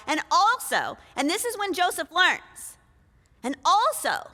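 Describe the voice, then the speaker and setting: A woman's voice: extremely high pitch, sing-song, unhurried, bright, forceful tone, in a large hall. A woman preacher retelling a scripture story in a conversational sermon, full of rhetorical questions. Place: church.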